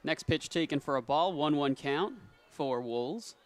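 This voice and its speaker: A young man calling play-by-play for a high school softball game, quick on routine calls and rising on big plays. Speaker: play-by-play announcer. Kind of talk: sports commentary.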